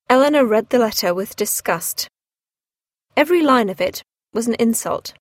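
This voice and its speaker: A woman narrating a classic novel in a clear, measured storytelling manner. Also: fairly high pitch, lively intonation, no room sound. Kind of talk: scripted narration.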